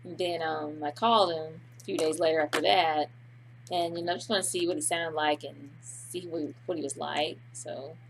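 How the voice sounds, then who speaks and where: Female co-host, casual rambling storyteller, lowish voice. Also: steady tone, normal speed, background noise. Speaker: host's wife, co-host.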